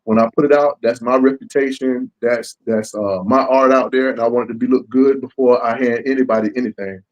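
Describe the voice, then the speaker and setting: A man talks about making his comics in a loose, casual interview. He keeps acting out what his fans say to him, lifting and dropping his voice as he does. His voice sits at a middle pitch. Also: a little fast, muffled recording. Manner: animated, acts out fans' lines. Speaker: comic book creator.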